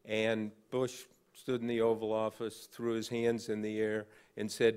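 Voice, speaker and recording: Slow-talking man in his sixties, dry humor. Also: fairly low pitch, completely flat delivery, darkish tone, clear, resonant tone. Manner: halting, frequent uh fillers, dry wry humor. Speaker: award recipient giving acceptance speech. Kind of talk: anecdotal speech to an audience. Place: large banquet hall on stage.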